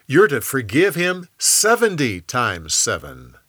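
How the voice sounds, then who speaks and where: A man voicing a calm, wise adult teacher who speaks in a measured way. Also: medium pitch, no room sound, clean studio sound, heavily acted.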